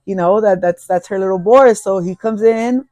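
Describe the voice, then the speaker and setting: Brief: casual podcast host, profane and rambling, mid pitch, dry close audio. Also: moderate pace, darkish tone, no room sound. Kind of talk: casual storytelling.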